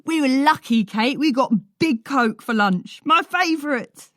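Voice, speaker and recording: A woman voicing an angry, tearful young boy in an audiobook, shouting and wailing. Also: high-pitched, expressive, normal speed, dry recording, clean studio sound, pitched above the performer's own voice. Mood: cheerful. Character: angry tearful boy, defiant older brother. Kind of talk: audiobook character voice.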